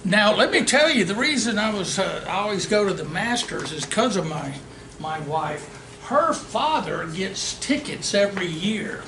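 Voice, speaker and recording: Very animated and speaking at a moderate pace, a man with a voice that sits high tells jokes and stories as a real estate trainer at a seminar. A crowd can be heard behind him, and the meeting room sounds echoey with faint ambience.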